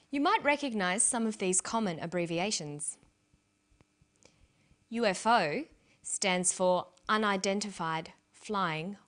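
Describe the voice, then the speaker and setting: A woman narrating an English lesson, speaking slowly and carefully and spelling out letters one by one. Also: mid-range voice, fairly bright tone. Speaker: English teacher. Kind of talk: scripted language lesson narration.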